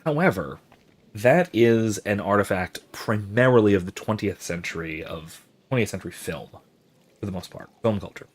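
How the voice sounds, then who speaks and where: A man's voice: on the low side, lively intonation, moderate pace. A man hosting a gaming channel, giving casual, professorial explanations while he plays, rambling with many fillers and restarts and reacting to viewer chat.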